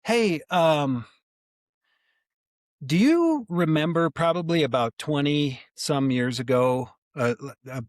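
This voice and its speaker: A man's voice: on the high side, animated, slow pace, no echo, studio quality, voice pushed up. A man voicing another grown man who speaks hesitantly and sheepishly. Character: friendly adult man recalling old memory.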